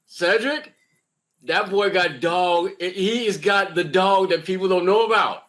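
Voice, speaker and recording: High-voiced, emphatic man talking basketball. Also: a little slow. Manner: emphatic, animated, slangy. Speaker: podcast co-host. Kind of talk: casual sports chat.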